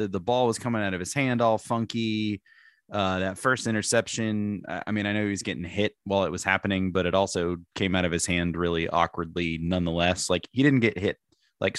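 A young man with a very low, deep voice talks football on a podcast, his words tumbling out in restarts and bursts of laughter. The sound is close and dry, with no room around it. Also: no echo. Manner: animated, restarts often, laughs while talking. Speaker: podcast co-host. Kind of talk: casual sports chat.

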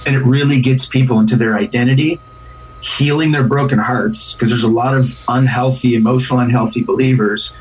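A man's voice: medium pitch, fairly even intonation, a little fast, husky, far from the mic, low-quality recording. A man who is a pastor, speaking as a guest in an earnest, casual interview, often repeating and restarting words.

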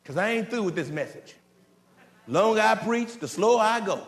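A man, a pastor, preaching a fiery Sunday sermon in a church, swinging between shouted climbs and low, slow warnings and speaking straight to his congregation. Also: lively intonation. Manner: folksy, direct address to the congregation. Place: church sanctuary. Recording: roomy church echo.

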